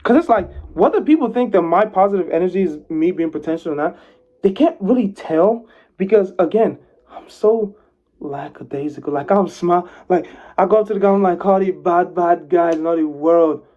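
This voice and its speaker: Man swinging between loud and hushed. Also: high voice, fairly quick, dull audio. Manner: swings from loud and animated to soft, hushed calm; moves toward and away from the camera while talking. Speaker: vlogger giving advice. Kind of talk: motivational talk to camera. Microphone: camera mic, speaker moving closer and farther.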